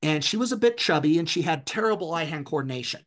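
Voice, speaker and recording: A man's voice: a little high, expressive, quick pace. A middle-aged man telling a personal story as a podcast guest, with an intense, emphatic delivery.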